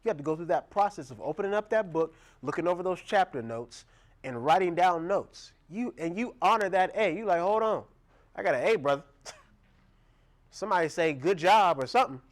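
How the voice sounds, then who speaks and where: Animated young man preaching, raised voice. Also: sits high, fairly quick. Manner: animated, laughing, acts out quoted voices. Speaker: pastor. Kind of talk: sermon.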